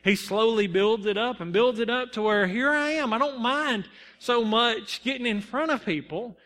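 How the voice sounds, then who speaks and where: Young male preacher, high and bright, earnest storytelling sermon in a reverberant church. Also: moderate pace. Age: young adult. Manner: earnest, personal storytelling with bursts of emphasis. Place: church sanctuary. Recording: long hall reverb.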